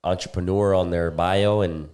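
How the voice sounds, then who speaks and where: A man's voice: low-pitched, steady tone, normal speed, a little mellow. A man hosting a podcast in casual chat, loose and joking, swearing freely. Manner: loose, profane, joking banter.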